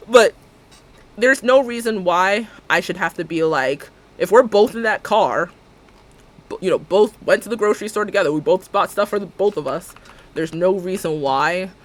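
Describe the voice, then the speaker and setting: Animated, chatty woman streamer. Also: medium pitch. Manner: animated storyteller who acts out both sides of conversations; chatty and rambling, with frequent fillers and self-corrections. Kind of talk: casual chat while livestreaming a game.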